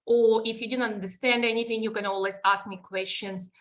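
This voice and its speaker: A woman's voice: a little high, fairly even intonation, brisk. A woman with a Russian accent, a native Russian speaker, presenting a live webinar and explaining step by step with frequent restarts and fillers.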